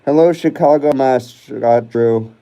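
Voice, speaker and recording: A man hosting a relaxed livestream, his voice mellow and soft-edged. He wanders from thought to thought, stopping and restarting with plenty of ums while he answers the live chat. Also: mid-range voice, measured pace, vocal fry, low-quality recording. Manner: rambling and hesitant, many fillers and restarts; chats with viewers while reading live comments. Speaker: livestream host.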